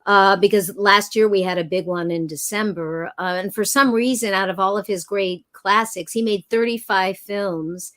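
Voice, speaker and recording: A woman's voice: medium pitch, normal speed, few pauses, fairly bright tone. Chatty middle-aged woman guest. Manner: chatty, storytelling, spells things out. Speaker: guest, actress. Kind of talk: casual chat.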